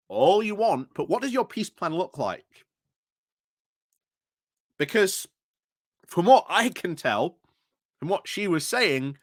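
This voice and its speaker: A man reacts to a clip with indignant commentary, firing off rhetorical questions and tripping over his words. His voice is slow and deliberate, recorded dry and close with no room sound. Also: high voice, no room sound. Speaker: political commentary YouTuber.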